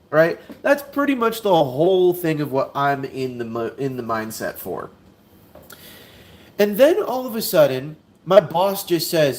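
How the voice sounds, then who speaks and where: A man's voice: on the high side, big pitch swings, a little slow. A man telling a long story while unboxing a toy, rambling, repeating himself and using lots of fillers.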